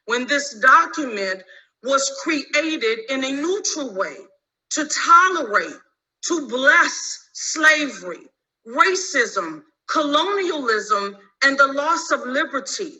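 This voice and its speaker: A woman delivers a formal lecture at an unhurried, measured pace. Her voice sits high and very bright. She leans hard on key words with deliberate, oratorical emphasis. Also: low-quality recording. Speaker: law lecturer.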